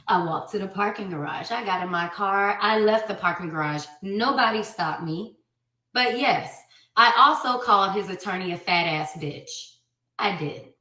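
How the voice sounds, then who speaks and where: A woman's voice: medium pitch, pushed and bright. A woman in her thirties giving a blunt, profane, emphatic personal account as an interview guest. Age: 30s. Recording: roomy sound, mic at a distance.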